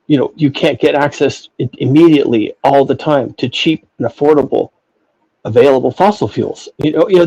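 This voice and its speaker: A man's voice: fairly high pitch, mellow, husky, rough recording. A man hosting a philosophical discussion, ranting emphatically and profanely, often repeating himself. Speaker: podcast host.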